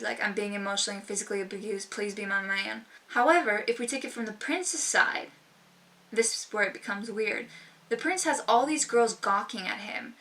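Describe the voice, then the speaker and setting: Give me a sassy young woman vlogging, fairly high voice, recorded from a little distance. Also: sharp tone. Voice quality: sassy, emphatic and informal. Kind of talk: casual talk to camera. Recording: voice slightly distant from mic.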